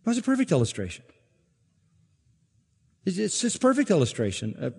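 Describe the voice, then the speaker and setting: A man preaching an expository sermon, emphatic, swinging from loud exclaims to low asides and asking the congregation questions. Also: wildly swooping pitch, a little fast, long pauses, slightly rough, in a large hall. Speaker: pastor.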